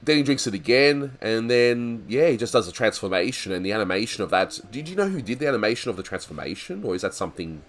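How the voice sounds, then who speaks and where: Casting: very low-pitched man, chatty reviewer, laughs between thoughts, faint hiss behind. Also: very animated, fast, hardly any pauses, a bit bright. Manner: chatty, laughs often, restarts. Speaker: host of a cartoon review show. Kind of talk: casual review chat.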